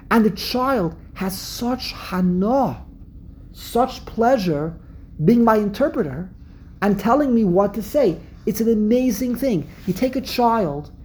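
A woman from Brooklyn with a Brooklyn accent, giving a religious lesson with an animated storyteller's habit of repeating and restarting phrases. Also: medium pitch, a little hiss or hum, rough recording. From Brooklyn, USA. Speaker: religious teacher. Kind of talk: Passover lesson talk.

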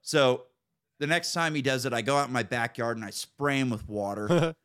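A man hosting a podcast, telling stories in a casual, animated and profane way. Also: mid-range voice, normal speed, smooth. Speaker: podcast host. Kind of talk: casual storytelling chat.

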